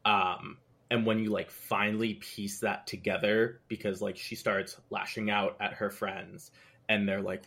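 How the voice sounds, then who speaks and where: A man chatting as a podcast guest, recounting a game in a lively way. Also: fairly low pitch, unhurried, creaky, slightly rough. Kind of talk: casual chat.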